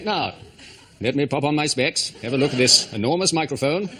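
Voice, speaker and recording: Quick-talking male comic narrating footage. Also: mid-range voice, lively intonation, a crowd in the background. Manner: mock commentary with quick character asides. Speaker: comedian. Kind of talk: comic voice-over on news footage.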